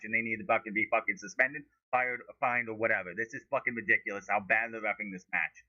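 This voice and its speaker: A man giving live fan commentary during a watch-along, ranting profanely with sudden high-pitched outbursts at the referee. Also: steady tone, fast, few pauses, sharp tone, no echo, muffled recording.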